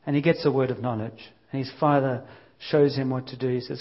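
Lively preacher, lo-fi recording. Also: male voice, medium pitch, fairly quick. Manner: lively, conversational storytelling with acted-out quotes. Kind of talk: sermon.

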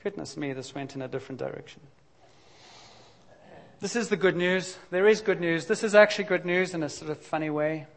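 A gravelly, fairly quick voice belongs to a middle-aged pastor whose pitch runs a bit higher than most men's. He preaches in a frank, confessional tone, shifting between laid-back conversation and sudden emphatic bursts.

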